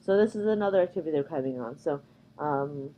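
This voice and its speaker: A woman's voice: deep voice, lively intonation, fast talker, muffled recording. A woman from Canada giving a conversational recorded slide lecture, with frequent ums and uhs. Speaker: workshop presenter.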